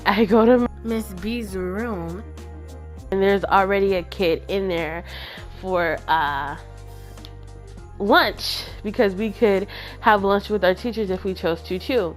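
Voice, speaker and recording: A woman hosting her own channel, candidly retelling a personal story in an animated, casual way with slang. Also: on the low side. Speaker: channel host.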